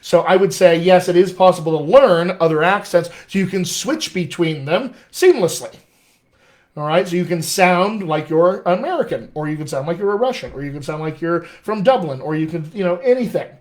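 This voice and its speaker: A man's voice: high-pitched, lively intonation, moderate pace. A man working as a dialect coach, answering viewer questions in a casual live session, upbeat and encouraging. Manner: upbeat, encouraging, chatty with restarts. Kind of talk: live-streamed Q&A, casual teaching.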